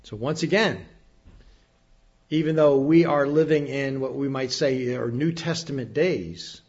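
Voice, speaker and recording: Man teaching a sermon, lo-fi recording. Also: medium pitch. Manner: expository Bible teaching, rising emphatic bursts and dropping to quiet asides. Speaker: preacher.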